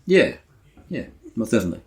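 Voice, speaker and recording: A man's voice: on the low side, big pitch swings, fast. A laid-back man co-hosting a podcast in casual chat, wrapping up the episode. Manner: laid-back, wraps up the show. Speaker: podcast co-host.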